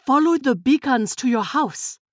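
A woman's voice: sits high, animated, a little slow, no echo, clean studio sound, voice pushed up. A woman voicing a firm, helpful adult woman in a storybook, speaking steadily.

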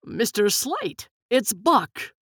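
A cold, scheming man of a storybook villain, put on by a woman reader, slow and menacing with a sneer. His voice sits lower than hers and each threat is drawn out deliberately. The sound is close and dry. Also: sing-song, fairly bright tone, breathy edge, dry recording, exaggerated voice.

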